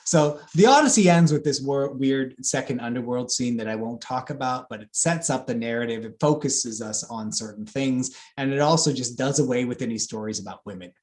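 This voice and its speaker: A man giving a lively public lecture on epic poetry, with fillers and asides to the audience. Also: mid-range voice, fairly quick, hardly any pauses. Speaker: classics lecturer.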